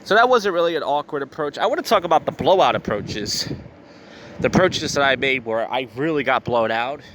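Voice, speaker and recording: A man's voice: medium pitch, animated, fairly quick. Tipsy man venting outdoors. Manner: blunt, profane, bitter venting. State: tipsy, slightly slurred. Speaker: podcast host. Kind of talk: casual storytelling monologue. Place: outdoors on a street. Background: faint street and traffic noise.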